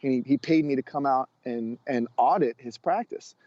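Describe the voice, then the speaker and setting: A man speaking as a guest coach educator on a podcast, telling stories in an earnest, expressive way. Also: mid-range voice, moderate pace, dry recording. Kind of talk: storytelling interview talk. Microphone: podcast microphone. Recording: dull lo-fi sound.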